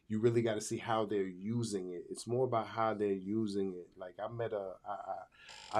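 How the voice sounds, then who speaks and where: A man with a lowish, slightly mellow voice co-hosts a casual podcast chat. He's emphatic and repeats phrases as he works his way toward his point.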